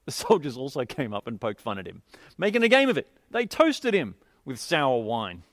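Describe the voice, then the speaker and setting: Guy preaching a sermon, super animated up-and-down voice, dry close sound. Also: medium pitch, moderate pace, no room sound. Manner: expressive, emphatic storytelling. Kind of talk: sermon with scripture reading.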